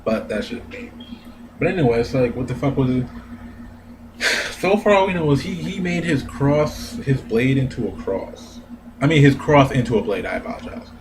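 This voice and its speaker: A man giving a casual, profane anime review rant, animated and laughing often. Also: mid-range voice, normal speed, noisy background. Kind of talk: casual ranting commentary.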